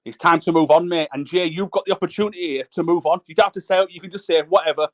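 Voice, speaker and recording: A man's voice: a little high, fairly even intonation, quick pace. A man on a livestream panel, blunt and sweary, repeating himself insistently. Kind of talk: heated livestream panel chat.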